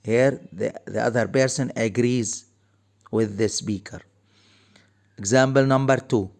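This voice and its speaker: A man teaching English grammar, explaining each point slowly and repeating key phrases. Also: mid-range voice, creaky. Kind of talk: recorded grammar lesson.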